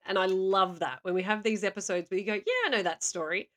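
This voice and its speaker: A woman's voice: medium pitch, fairly even intonation, fairly bright tone. An Australian woman co-hosting a podcast, joking and chatting playfully with her co-host. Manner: playful, jokey, quick to laugh. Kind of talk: casual chat.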